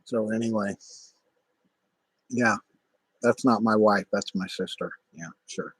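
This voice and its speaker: A middle-aged man rambling on a livestream, halting and irritable, with many restarts. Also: fairly low pitch, steady tone, a bit bright, husky, dry recording. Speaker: livestream host. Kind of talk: casual livestream monologue.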